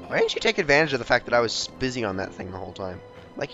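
A young man giving jokey, excitable commentary over a video game he is playing, often talking to the characters on screen. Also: medium pitch, rapid-fire, gravelly, faint music behind. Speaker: gameplay commentator. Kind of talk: let's play commentary.

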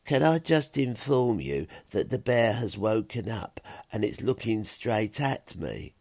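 A man's voice: lowish voice, very animated, a little mellow, no room sound, heavily acted. A man doing a polite, sickly trapped man. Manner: drawn-out, formal politeness. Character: sick helpless man, overly polite and slow.

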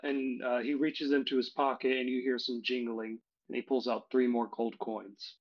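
A man running a tabletop game as game master, narrating in a relaxed way with many fillers and self-corrections. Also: mid-range voice, moderate pace, lo-fi sound.

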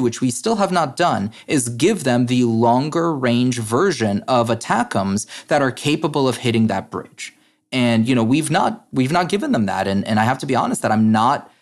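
A man as a podcast guest, talking in an analytical, brisk way with frequent fillers and restarts. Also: medium pitch. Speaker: guest, head of a democracy advocacy group. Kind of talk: podcast interview.

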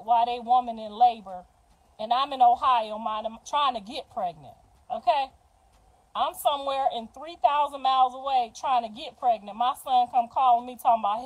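A middle-aged mother on a livestream, telling stories casually in an animated, dramatic way with gasps. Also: a little high, rough recording. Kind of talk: casual storytelling.

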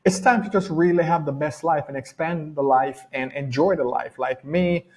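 A middle-aged Jamaican-accented man with a voice on the high side speaks at normal speed. As a personal development coach, he gives a casual motivational talk, repeating key phrases for emphasis. He's at home while it rains.

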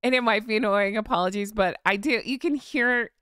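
A woman's voice: medium pitch, a little fast, fairly bright tone, clean tone, no room sound, studio quality. An American woman hosting a live chat, chatting casually, reading viewer comments and sighing with vocal eye rolls. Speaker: live stream host.

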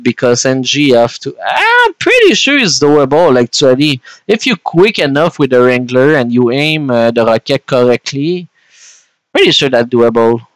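A man with a French Canadian accent chats his way through a gaming session in an unhurried, drawn-out delivery. His voice is smooth and clean, and it sits close and dry against the mic. He rambles to his viewers between moves. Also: mid-range voice, dry recording. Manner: rambling and chatty, talks to viewers while playing. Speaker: gaming streamer. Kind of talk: casual gameplay commentary.

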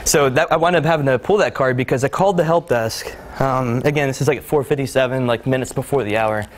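A man's voice: mid-range voice, fast. A young man giving a casual conference talk, full of fillers and acting out both sides of phone calls. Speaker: conference speaker. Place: conference hall.

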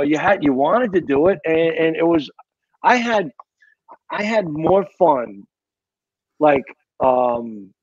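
Casting note: New man, retired fire captain, gravelly, rambling storyteller, dry lo-fi podcast sound. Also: on the high side, darkish tone, no echo. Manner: rambling, repeats words, tells war stories. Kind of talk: casual storytelling.

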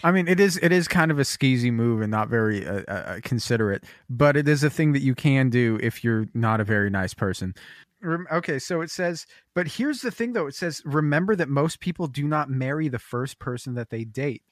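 Male podcast co-host, middle pitch, hesitant and rambling, dry close mic. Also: lively intonation, brisk, no room sound. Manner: meandering, hesitant, reads passages aloud and comments. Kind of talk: casual podcast chat.

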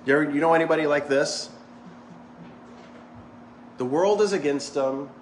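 A male pastor preaches in a loose, joking, conversational way, his voice sitting a little high for a man. The sound is roomy, echoing through a church sanctuary, with faint ambience underneath. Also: big pitch swings, normal speed, slight background noise. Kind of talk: sermon. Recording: echoey church hall.

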